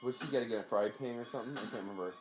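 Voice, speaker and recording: A man co-hosting a comedy podcast, chatting excitably while watching a film. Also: medium pitch, rapid-fire, low-quality recording. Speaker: podcast co-host. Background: film soundtrack music.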